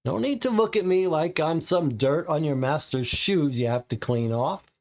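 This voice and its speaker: A man's voice: on the high side, lively intonation, moderate pace, darkish tone, voice pushed up. A man voicing a blunt, impatient detective in a noir tabletop game. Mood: testy. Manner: testy, blunt.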